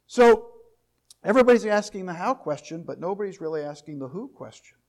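Man, high voice, Bible teacher, reads verses aloud then explains, repeats questions for emphasis. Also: expressive, a little fast. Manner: repeats key questions, rising to louder emphasis.

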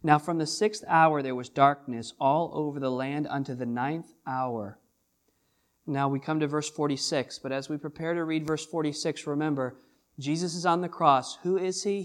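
A man preaching a sermon as pastor, swinging between hushed lines and loud, drawn-out emphasis. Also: on the high side.

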